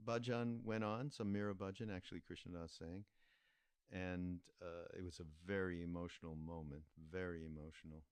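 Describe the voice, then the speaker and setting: A deep-voiced older man recounts a memory at an unhurried pace, often pausing on fillers. The sound is dry and close. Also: a little mellow, smooth, dry recording. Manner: unhurried, halting with many fillers. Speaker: podcast host. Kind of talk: reflective storytelling.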